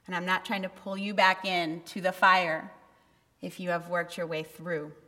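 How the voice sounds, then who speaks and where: A woman delivers a sermon in a frank, conversational way, now and then pushing hard for emphasis. Her voice is bright and forward. It rings with the long reverb of a church hall. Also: fairly low pitch, flat delivery, moderate pace. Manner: candid, conversational preaching with bursts of emphasis. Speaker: pastor. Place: church sanctuary.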